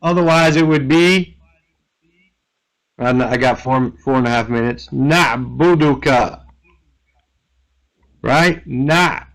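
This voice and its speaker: Slow-paced man teaching Arabic grammar. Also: medium pitch, a bit bright, rough recording. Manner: explains step by step, checks in with "right?". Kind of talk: online lesson explanation.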